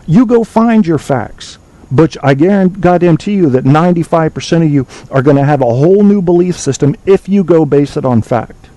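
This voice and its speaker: Blunt, preachy man with a warm voice. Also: a little high, normal speed, no echo, poor audio. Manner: blunt, preachy, swears freely. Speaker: podcast host. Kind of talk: opinionated call-in show monologue.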